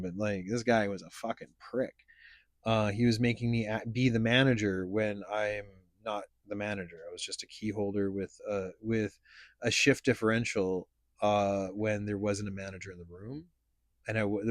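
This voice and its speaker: A man's voice: fairly low pitch, steady tone, normal speed, dry recording, studio quality. A man hosting a casual podcast chat, telling stories in a blunt, profane, rambling way. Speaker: podcast host.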